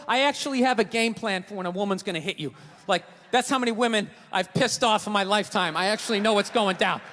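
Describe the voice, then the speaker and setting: Brash, profane stand-up comic, high voice. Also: male voice, sharp tone, a little hiss or hum. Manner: brash, profane, ranting storytelling. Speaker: stand-up comedian. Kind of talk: stand-up routine. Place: comedy stage before an audience. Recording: live theater hall with crowd.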